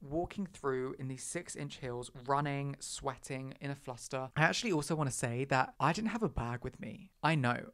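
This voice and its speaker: A man hosts his own podcast and tells a story in a chatty, theatrical way, acting out his own past lines as he goes. His voice sits at an ordinary middle pitch, and the recording is close and dry with no room sound. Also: dry recording. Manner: chatty and dramatic, with quoted asides and swearing. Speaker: podcast host telling a personal story. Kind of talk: casual storytelling monologue.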